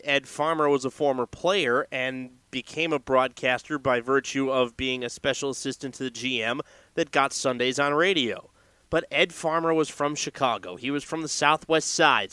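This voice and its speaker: A man's voice: mid-range voice, bright, forceful tone, clear, resonant tone, no room sound. A man hosting a podcast, speaking earnestly in a reflective tribute monologue. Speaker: podcast host.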